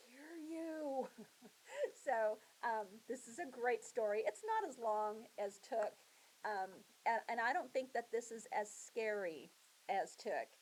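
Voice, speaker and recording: A middle-aged woman librarian talks students through a book she loves. She retells scenes in a chatty, animated way, with many fillers and restarts. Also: fairly high pitch, poor audio. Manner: chatty, animated storytelling with acted voices. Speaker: school librarian.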